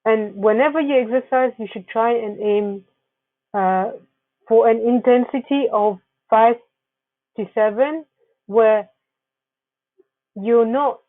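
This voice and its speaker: A woman's voice: on the high side, no echo. A woman presenting a narrated slideshow, giving earnest wellness advice with frequent restarts. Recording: tinny phone-like, dry sound.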